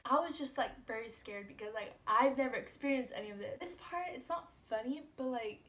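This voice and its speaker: A woman's voice: fairly high pitch, brisk, fairly bright tone. A young woman vlogger telling a personal story in a casual, filler-heavy way, full of "like" and "you know". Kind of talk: storytime vlog.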